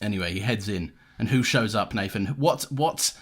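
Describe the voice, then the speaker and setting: A man's voice: lowish voice, normal speed, fairly bright tone. A man co-hosting a podcast in casual chat, recapping an episode in a playful, giggly way. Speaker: podcast co-host.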